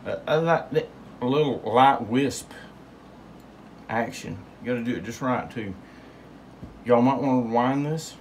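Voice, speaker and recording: A man's voice: medium pitch, a little slow, pauses often. Rambling man mixing cocktails. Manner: rambling, joking, drawling asides. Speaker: home cocktail show host. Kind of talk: casual cocktail demonstration. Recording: noisy home recording.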